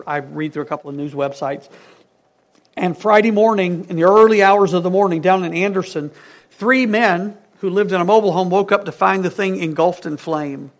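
High-voiced male pastor preaching. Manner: earnest, swings between emphatic and hushed. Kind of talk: sermon.

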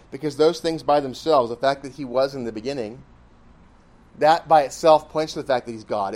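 A man's voice: mid-range voice, a little mellow. A man preaching a sermon, reasoning through his points step by step with emphasis. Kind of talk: sermon teaching.

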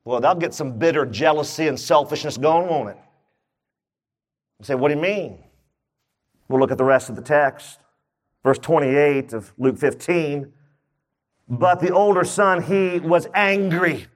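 Preaching a sermon, a male pastor with a fairly high voice recounts a Bible story and performs the characters' voices, his excitement building. He takes his time and pauses often.

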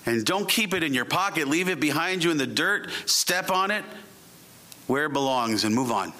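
A man preaching an evening sermon and leading a closing prayer, emphatic and drawing out key phrases slowly. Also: on the high side, lively intonation, bright, forceful tone. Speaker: pastor.

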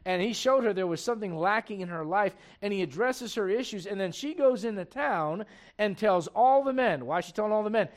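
A man's voice: high-pitched, lively intonation, brisk. A man pastor preaching a casual, conversational sermon to his congregation and reading scripture aloud.

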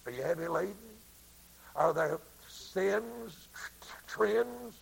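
A man preaching a sermon, slow and dramatic, swinging between hushed lines and loud ones. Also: high-pitched, lively intonation, vocal fry, breathy edge.

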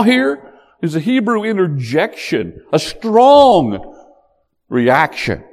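A man preaching a sermon in an animated, emphatic way. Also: high voice, slow pace. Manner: animated, emphatic, acts out quotes.

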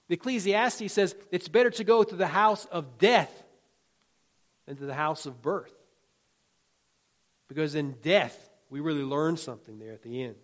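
A man preaching a sermon in a folksy, conversational way, with jokes and asides along the way. His voice sits a little higher than most men's, and he drives his points home with emphatic, rhythmic repetition. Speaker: pastor.

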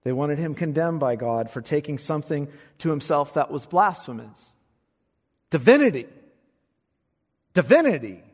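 A man preaching an expository sermon, swinging from quiet, low asides to loud, fervent recitation of scripture. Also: normal speed, few pauses. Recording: long hall reverb.

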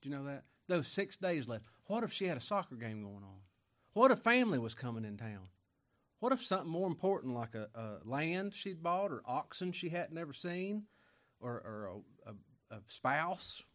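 A man's voice: on the high side, big pitch swings, normal speed. Folksy preacher man. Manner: folksy, conversational preaching with rhetorical questions; swings between loud emphasis and quiet asides. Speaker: pastor. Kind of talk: sermon.

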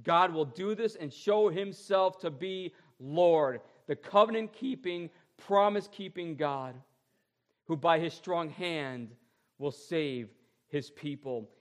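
A man preaching a sermon as a pastor, drawing out repeated phrases and moving between loud stresses and quiet asides. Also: on the high side. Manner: emphatic, drawn-out repeated phrases, shifting between loud and soft.

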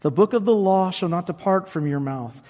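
A man preaching a sermon, reading scripture with emphasis and rising high on the quoted verses. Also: normal speed, dark tone. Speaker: pastor. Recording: long reverb of a large hall.

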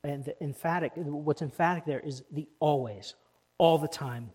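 A man preaching to his congregation, pressing his points with emphatic stresses. His voice sits a little higher than most men's. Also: moderate pace, breathy edge. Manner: emphatic, rising to loud stresses. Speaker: pastor. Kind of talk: sermon. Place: church.

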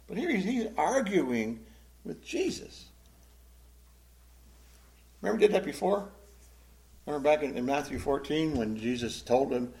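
A man teaching a Bible study in a conversational, animated style, acting out the quotes he reads. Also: a little high, moderate pace, creaky.

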